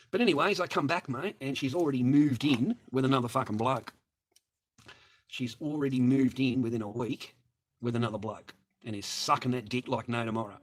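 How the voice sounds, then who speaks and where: Husky-voiced Australian bloke, mid-pitched, crude and blunt livestreamer. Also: male voice. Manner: swears heavily, laughs often, blunt. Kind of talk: crude rambling livestream chat.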